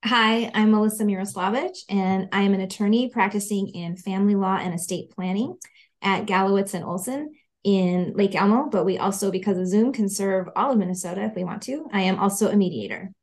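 Brisk woman attorney introducing herself. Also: mid-range voice, darkish tone. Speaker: family law attorney. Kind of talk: self-introduction.

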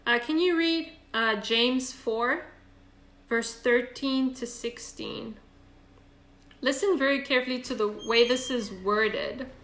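A woman's voice: a little high, slow, a bit bright, roomy sound, a little hiss or hum. A woman leading a Bible study over a video call, chatty and earnest, with many fillers and restarts. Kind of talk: casual online Bible study teaching.

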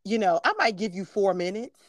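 A middle-aged woman in a casual podcast chat, earnest and open, leaning on "you know" and laughing easily. Her voice sits close and dry on the mic, with a medium pitch for a woman. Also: a little fast, dry recording. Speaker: podcast co-host and mother.

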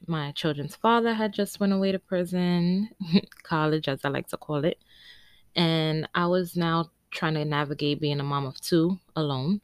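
A woman in her twenties from Harlem, New York City, speaks in a low voice as she hosts her own podcast. She tells her story candidly and with emotion, with frequent ums and small laughs. The recording is dry, with no room sound. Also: no echo. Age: 20s. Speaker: podcast host.

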